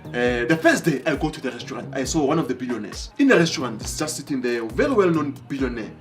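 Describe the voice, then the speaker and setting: A man from Africa, telling a motivational story in an animated way, acting out dialogue and repeating phrases for emphasis. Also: mid-range voice, quick pace, soft background music. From South Africa. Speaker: motivational speaker.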